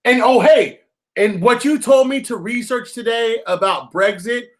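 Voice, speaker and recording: A man hosting a casual political chat, emphatic and quick to agree. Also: very high-pitched. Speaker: host.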